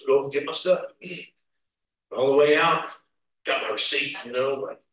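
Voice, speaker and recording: A man's voice: medium pitch, slow pace, fairly bright tone. A man preaching a sermon, telling stories with laughs and acted-out quotes. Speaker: pastor. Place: church sanctuary. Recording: roomy echo, from a distance.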